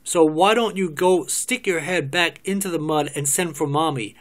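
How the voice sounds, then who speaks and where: A man's voice: a little high, brisk, natural voice. A man voicing a brash, defensive woman who runs a call business, in a cold reading of a stage script. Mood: indignant. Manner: indignant, cursing rant.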